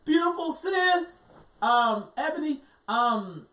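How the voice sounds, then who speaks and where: A middle-aged woman co-hosts a casual talk show. She tells stories with animated, acted-out quotes. Her voice sounds distant and roomy. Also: high voice, slow. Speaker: co-host. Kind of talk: casual chat. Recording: echoey room, distant mic.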